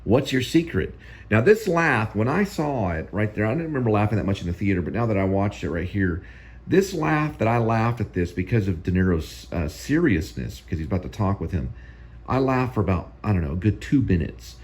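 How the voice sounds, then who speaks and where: A man's voice: lowish voice, big pitch swings, fairly quick. A male host giving casual, rambling film commentary that often repeats itself.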